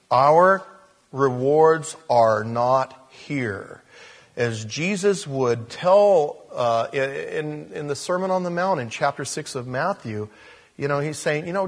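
A man preaching a sermon, animated, moving between loud emphatic lines and low, slow ones.

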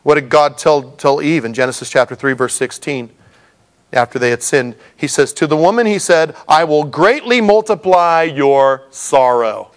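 A man's voice: a little high, expressive, normal speed. A middle-aged man preaching a sermon in a conversational way, with humorous asides to the congregation. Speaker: pastor.

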